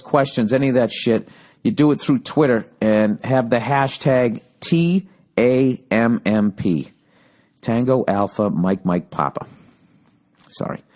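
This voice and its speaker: A man in his forties with a Boston accent, hosting a casual solo podcast, reading listener emails and ranting with profane, sarcastic asides. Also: mid-range voice. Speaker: podcast host.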